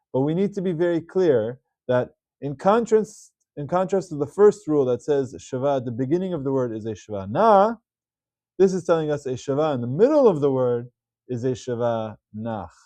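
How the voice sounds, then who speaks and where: A man teaching Hebrew reading rules in a patient video lesson, repeating key words slowly. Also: fairly high pitch, expressive, dark tone, no room sound.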